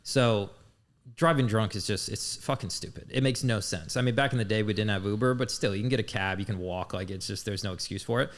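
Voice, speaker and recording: A man's voice: lowish voice, a little fast. A man in his thirties, a podcast guest telling his life story in a candid, blunt way, swearing freely. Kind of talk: casual storytelling.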